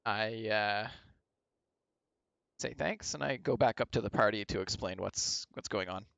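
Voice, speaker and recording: A man talking casually as a player in a tabletop game, with a low, smooth voice. He hesitates often and uses many fillers. The sound is dry and close. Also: measured pace, fairly bright tone, dry recording.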